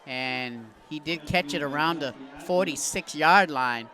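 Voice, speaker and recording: Excited high-voiced play-by-play man. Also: a little slow. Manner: excited shouting on big plays. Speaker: play-by-play announcer. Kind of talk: local sports commentary. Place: press booth at a football stadium. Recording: loud crowd and music behind.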